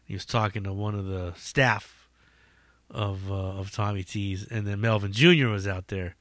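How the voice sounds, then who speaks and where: A man's voice: fairly low pitch, fairly even intonation, normal speed, a bit bright, no room sound, studio quality. A man, a stand-up comic hosting a podcast, telling rambling stories in casual chat, swearing freely and laughing at his own jokes. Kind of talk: casual storytelling monologue.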